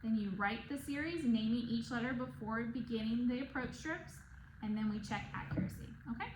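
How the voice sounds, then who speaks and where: In an echoey, noisy room, a woman tutors a single student in reading, her voice a little high and her delivery brisk. She stays patient, regularly asking "okay?" and "right?"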